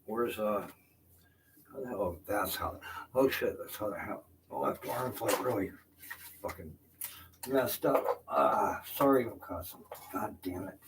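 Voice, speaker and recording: A frustrated older man rambles from a room in his house, swearing and then apologizing for it. His voice sits very low. He sounds distant from the microphone over steady background noise. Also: measured pace. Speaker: vlogger. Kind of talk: rambling live-stream talk. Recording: distant, noisy home recording.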